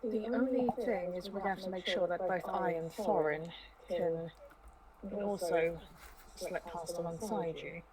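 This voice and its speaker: A woman's voice: on the low side, measured pace, over a noisy crowd. A woman playing a tabletop game who speaks in a wry, teasing way.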